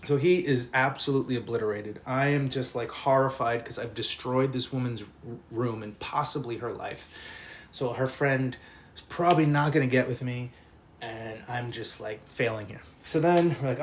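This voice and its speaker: A man's voice: mid-range voice, moderate pace, slight background noise. A man telling a rowdy anecdote in casual talk, laughing often and swearing freely.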